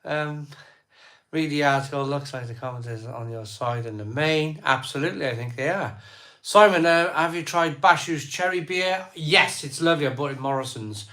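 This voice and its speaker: A man hosting a casual live stream, rattling off viewers' places and beers in quick lists as he reads their comments. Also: fairly high pitch, pushed and bright.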